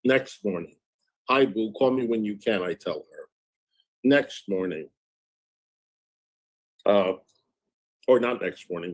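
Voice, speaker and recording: A man chatting casually on his livestream while recounting a feud. He reads out old messages line by line, "she goes, I said," and drops into a lower, flatter tone for the quotes. He cleans up his swearing with "effing" and single letters. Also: poor audio. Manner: recounts chat messages in back-and-forth "she goes, I said" fashion. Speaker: livestream host.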